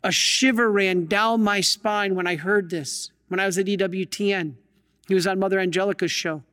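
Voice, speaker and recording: A man's voice: sits high, fairly even intonation, normal speed, a bit bright. A man, a Catholic priest, giving a sermon with emphatic storytelling and rhetorical questions. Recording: long hall reverb.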